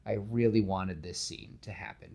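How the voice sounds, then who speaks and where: A man hosting a podcast, casually pitching a film scene with animated storytelling and lots of fillers. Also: moderate pace, gravelly. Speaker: podcast host.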